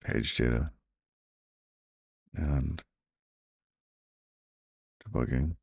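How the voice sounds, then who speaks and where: A man with an extremely deep, low voice talks casually to himself while debugging code on a stream. He mutters and trails off, now and then chatting to his viewers. The sound is dry and close. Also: very slow, a little mellow, husky, dry recording. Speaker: programmer live-streaming his coding.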